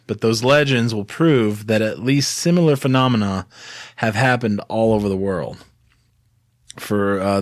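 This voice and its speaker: A man's voice: lowish voice, no room sound, studio quality. A man co-hosting a folklore podcast, giving short agreeing replies and reading from notes. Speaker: podcast co-host. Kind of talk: casual folklore podcast chat.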